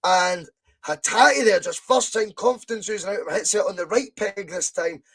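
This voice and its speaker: Scottish man, high-pitched, live home watch-along, excitable, chatty. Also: normal speed, husky. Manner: chatty, reads out viewer comments, bursts of excitement. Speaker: podcast host doing live fan commentary.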